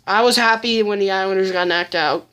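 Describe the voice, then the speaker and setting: A woman's voice: mid-range voice, brisk, fairly bright tone, clean tone, muffled recording. A woman giving casual countdown commentary as a fan vlogger, blunt and opinionated, often restarting her sentences.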